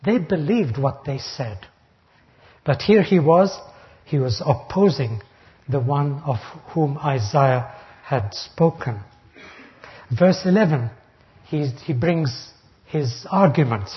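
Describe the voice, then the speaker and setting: Older male preacher, fairly high voice, emphatic verse-by-verse sermon, muffled lo-fi tape. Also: expressive, takes it slowly. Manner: emphatic, rising sharply on quoted taunts. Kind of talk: expository Bible sermon. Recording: dull lo-fi recording.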